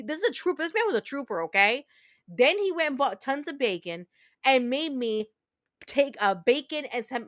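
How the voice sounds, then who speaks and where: A New Jersey woman in her thirties chats with her stream while she plays. Her voice sits a touch high and sounds dry and close on the mic. She rambles, circles back and restarts her sentences as she tells her stories. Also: fairly bright tone, no room sound. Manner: rambling, chatty storytelling with many restarts. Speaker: game streamer. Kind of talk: casual chat while gaming.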